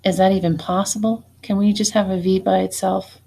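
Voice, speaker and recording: A woman teacher giving a spelling test, saying each word slowly and deliberately and then saying it again. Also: mid-range voice, little pitch movement, vocal fry, warm tone. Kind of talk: slow spelling dictation.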